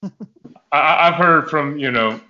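Man doing a bright, pushy bar boss, offhand, muffled audio. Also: a little high, measured pace. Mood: coaxing. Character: gruff grown bar owner, scheming. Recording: slightly muffled recording.

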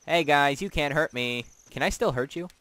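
A man's voice: fairly high pitch, moderate pace, a bit bright. A man giving goofy, rambling commentary while playing a video game, often talking back to the characters. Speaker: let's play gamer. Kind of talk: casual gameplay commentary.

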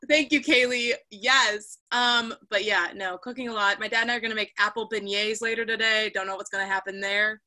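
A woman's voice: medium pitch, steady tone, brisk, hardly any pauses, bright, forceful tone. A young woman chatting casually on a video call, rambling in an upbeat way. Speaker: cast member.

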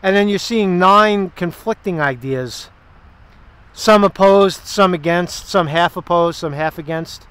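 A man's voice: high voice, measured pace, a bit bright, smooth. A man giving rambling, profane political commentary while walking in a park outdoors. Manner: rambling, profane, sarcastic asides. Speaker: political vlogger.

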